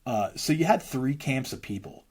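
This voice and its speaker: A man's voice: medium pitch, expressive, moderate pace, a little mellow, slightly rough. A man in his thirties, a musician as an interview guest, telling his story candidly with many restarts and fillers.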